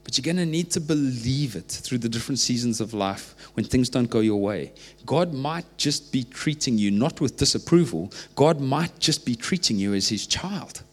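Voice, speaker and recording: A man's voice: mid-range voice, expressive, normal speed. A man, preaching a sermon earnestly and pressing into urgent emphasis. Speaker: pastor. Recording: reverberant hall.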